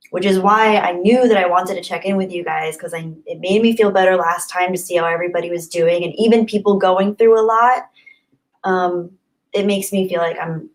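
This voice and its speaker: A young woman hosting a livestream reads out viewer messages and thanks them emotionally and effusively. Her voice is lowish and the audio quality is poor.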